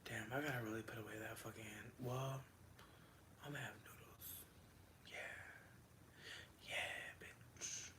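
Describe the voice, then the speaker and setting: With a faint hiss or hum in the audio, a livestreamer speaks at medium pitch in a rambling, foul-mouthed chat with viewers. Quick side comments, slang, and flashes of excitement fill the stream.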